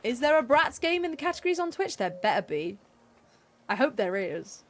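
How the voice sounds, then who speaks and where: A woman's voice: high voice, sing-song, normal speed. A woman who streams games, chatting casually, laughing often and reading the game text aloud. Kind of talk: casual gameplay commentary.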